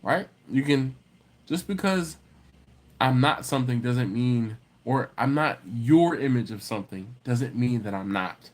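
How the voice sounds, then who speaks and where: Animated, laid-back man chatting with viewers. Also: medium pitch, measured pace. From lives in Baltimore area, not from there. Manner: animated, jokey, greets viewers by name. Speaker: host of a barbecue channel live stream. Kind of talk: casual live chat reading viewer comments.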